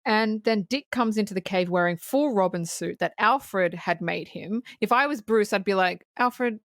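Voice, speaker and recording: A woman co-hosting a casual movie-review podcast, recapping the plot in an animated way with frequent swearing and laughter. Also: medium pitch, normal speed, no echo, studio quality. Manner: animated storytelling, swears freely, laughs often. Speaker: podcast co-host.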